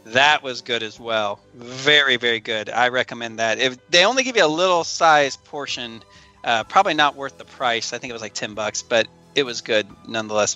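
Chatty man with a bright voice. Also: medium pitch, rough recording. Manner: chatty, laughs often. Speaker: podcast co-host. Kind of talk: casual chat.

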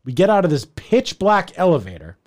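Man, casual storytelling, lively pitch swings, profane, acts out voices. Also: brisk. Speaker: podcast co-host telling a story.

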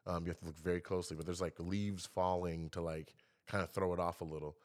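A man co-hosting a casual podcast, teasing and animated, jumping into high exaggerated voices when he quotes people. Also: fast talker. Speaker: podcast co-host.

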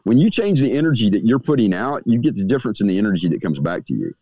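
A man chatting as a podcast guest, his pitch swinging widely as he slips into the voices of people he quotes. He pauses to puff on a cigar between thoughts. The sound is dry and a little muffled, like remote call audio. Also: sing-song, no room sound. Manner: smokes a cigar while talking. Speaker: guest speaking on magick. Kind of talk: casual podcast conversation.

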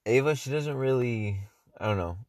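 A man in a casual chat who talks in a relaxed, easygoing way, heavy on "like" and "you know". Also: medium pitch, moderate pace, dry recording.

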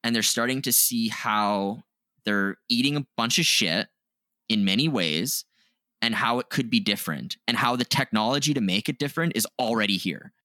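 Guy cohosting a podcast, hyped up and cussing a lot, bright voice, dry sound. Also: fairly low pitch, moderate pace, no room sound. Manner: excited, swears a lot, laughs loudly. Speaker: podcast co-host. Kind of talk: casual chat.

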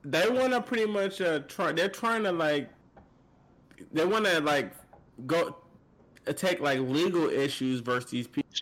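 A man co-hosting a podcast, rambling and halting as he talks. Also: on the high side, expressive, a bit bright, low-quality recording. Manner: rambling, halting, swears a lot. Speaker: podcast co-host. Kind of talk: casual chat.

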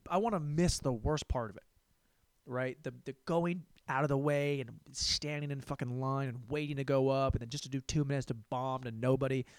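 A man's voice: medium pitch, no room sound, clean studio sound. A young man hosting his own podcast, a stand-up comic rambling casually, swearing and laughing at himself. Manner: rambling, profane, self-mocking, laughs often. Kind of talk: casual solo podcast monologue.

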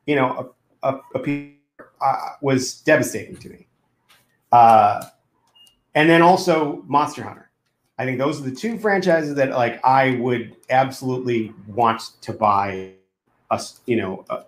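Speaking at a medium pitch with a fairly bright tone, a man who makes games talks loosely on a podcast. His speech is halting, full of restarts and fillers and frequent laughter, and the sound has a roomy echo.

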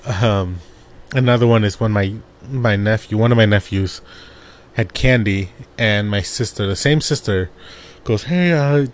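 A man's voice: on the low side, fairly even intonation, unhurried. A young man from Arizona hosting a casual personal monologue into his own desk microphone, rambling and laughing as he tells family stories. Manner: rambling, laughs often while telling stories. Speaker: podcast host.

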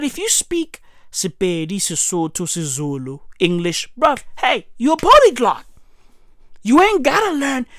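A woman's voice: lowish voice, no room sound, clean studio sound. Swooping, emphatic profane woman ranting. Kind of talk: comedic rant to camera.

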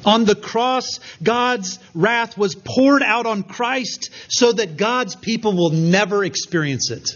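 A man preaching an earnest expository sermon, slowing down with emphatic pauses on key points. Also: high-pitched, a bit bright, lo-fi sound. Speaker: pastor.

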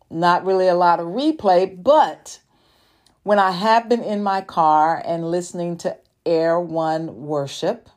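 A woman hosting a faith-based podcast, speaking in a slow, emphatic, conversational way. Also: medium pitch, darkish tone. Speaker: podcast host.

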